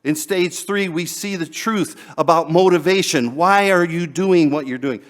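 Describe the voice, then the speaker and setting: Male pastor, sermon, chatty delivery, chuckles, slightly high voice. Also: measured pace. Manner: conversational, chuckles and repeats words.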